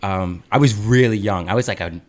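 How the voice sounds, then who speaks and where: A man in his thirties, a podcast co-host, telling a childhood story in casual chat, animated and swearing freely. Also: fairly low pitch, a little fast.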